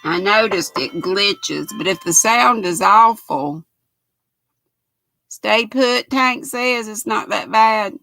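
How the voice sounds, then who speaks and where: An older woman in her sixties with a raspy voice and a Southern US accent, chatting casually on a knitting livestream and reading viewer comments aloud in a folksy way. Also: medium pitch, slow pace, pushed and bright, no room sound, soft background music. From United States. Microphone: built-in laptop mic.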